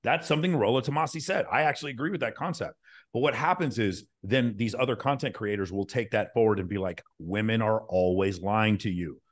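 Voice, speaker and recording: A male dating coach on a panel, arguing in a blunt, profane and animated way. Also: medium pitch, fast talker. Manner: blunt, profane, animated when making a point. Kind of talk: heated panel discussion.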